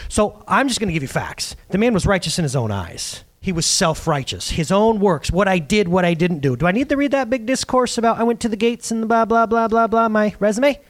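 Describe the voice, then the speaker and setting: A male pastor preaching a sermon in a casual, animated way, acting out the quotes he reads. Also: sits high, brisk, few pauses.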